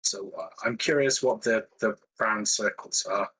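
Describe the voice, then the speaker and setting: A man's voice: lowish voice, measured pace, bright, forceful tone, husky, poor audio. A man playing in a tabletop game on a call, talking in a hesitant way with many fillers. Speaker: player.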